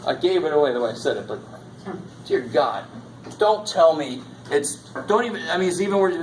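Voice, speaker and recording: A man's voice: on the high side, big pitch swings, fairly quick, noisy background. A man teaching a college math class in a lecture, casual and jokey, swearing now and then. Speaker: math instructor.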